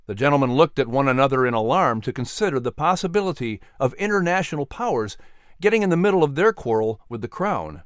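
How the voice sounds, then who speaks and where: A man's voice: medium pitch, animated, smooth, dry recording, clean studio sound. Man narrating a historical story. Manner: measured storytelling.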